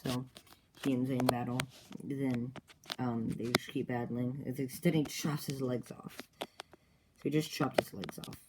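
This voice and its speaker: Casting: casual rambling storyteller, mid pitch, noisy home recording. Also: little pitch movement, unhurried. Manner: rambling, with fillers and acted character voices.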